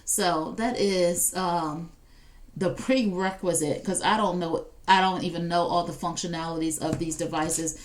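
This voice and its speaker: A woman with a lowish, steady voice hosts a casual live shopping stream at a measured pace. She's chatty, speaks straight to her viewers, and reads their comments aloud.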